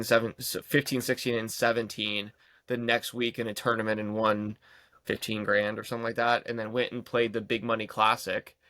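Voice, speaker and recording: A man's voice: on the low side, fairly bright tone, dry recording, clean studio sound. A man in his thirties, a golf pro and podcast guest, telling loose self-deprecating anecdotes in casual chat. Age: 30s.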